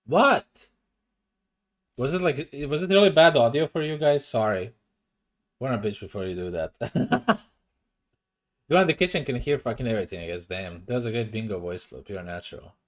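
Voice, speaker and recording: A young man streaming from home into a desk mic, chatting casually with his viewers, swearing and sounding self-conscious. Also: mid-range voice. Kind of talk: casual livestream chat. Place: home room. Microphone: desk microphone.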